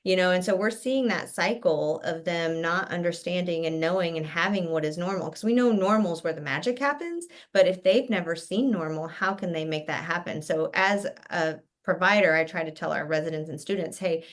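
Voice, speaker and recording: A woman's voice: fairly low pitch, a little fast, hardly any pauses. A woman pediatrician on a podcast, talking in an earnest, explaining way. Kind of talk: casual podcast conversation.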